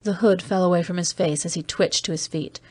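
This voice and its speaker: A woman reading an audiobook aloud as a weary, seasoned man, in steady, measured narration. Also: on the low side, breathy edge, no room sound. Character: weary man, seasoned off-world agent, terse. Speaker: audiobook reader. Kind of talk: scripted narration.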